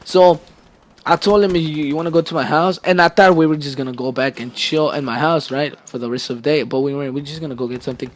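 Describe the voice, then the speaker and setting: A man's voice: mid-range voice, quick pace. A teenage boy vlogger telling a story to camera in a casual, rambling way, swearing often and laughing at himself.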